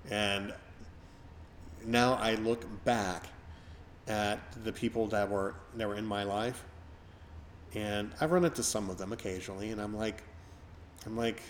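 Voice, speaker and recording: A middle-aged man hosts a casual podcast chat in a lowish voice. He rambles and reflects, with many fillers and restarts. A faint hiss sits under the recording. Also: fairly even intonation, measured pace, pauses often. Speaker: podcast host.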